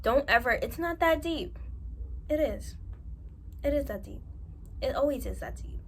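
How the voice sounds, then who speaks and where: A woman's voice: sits high, expressive, measured pace, a little hiss or hum. A woman with a New York accent giving candid, emphatic advice straight to camera and repeating her points for stress. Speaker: advice vlogger.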